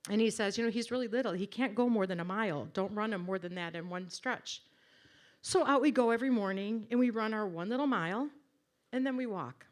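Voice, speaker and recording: A woman tells a personal story to a live audience, speaking at a medium pitch. She is wry and conversational and makes fun of herself as she goes. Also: fairly quick. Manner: wry, conversational, self-deprecating.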